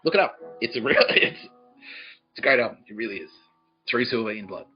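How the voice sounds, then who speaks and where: A man hosting a comedy podcast, rambling and swearing, often laughing, swinging between mumbles and shouts. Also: medium pitch, lively intonation, brisk, husky. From Australia. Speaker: podcast host. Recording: dull lo-fi podcast audio with faint music.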